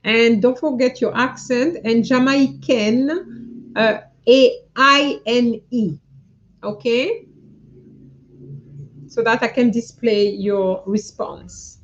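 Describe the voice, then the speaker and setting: Woman, French teacher, live online lesson, unhurried delivery, patient corrections, slightly muffled sound. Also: a little high. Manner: patient, corrects students one by one.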